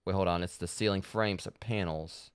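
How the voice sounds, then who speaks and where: A man's voice: low voice, steady tone, normal speed, clear, resonant tone, no room sound, studio quality. A man streaming a video game and chatting casually about it, rambling with lots of filler words and restarts. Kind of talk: casual gameplay commentary.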